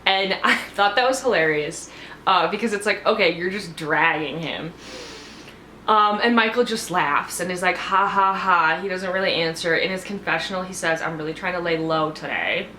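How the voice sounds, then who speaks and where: A woman's voice: fairly low pitch, moderate pace, bright, forceful tone, slight background noise. A woman giving a casual, chatty TV recap, gossipy and full of "like"s. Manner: gossipy, filler-heavy, many "like"s. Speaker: TV show reviewer. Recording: echoey room, faint ambience.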